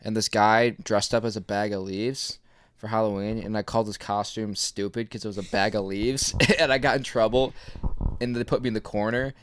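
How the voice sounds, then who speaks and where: A man's voice: lowish voice, fairly even intonation, normal speed, smooth. A young man co-hosting a casual podcast, telling childhood stories and laughing through them. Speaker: podcast co-host. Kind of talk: casual chat.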